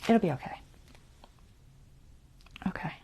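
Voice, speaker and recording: A woman with a slow, dark-toned voice runs a relaxed craft livestream tutorial, joking at her own expense, talking through every step, and murmuring asides in a half-whisper.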